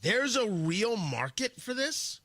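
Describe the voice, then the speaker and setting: A man's voice: sits high, very animated, takes it slowly, fairly bright tone, dry recording. Wry, stammering male radio host. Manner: wry, rambling, many stammered restarts. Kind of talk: casual morning radio talk. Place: radio studio.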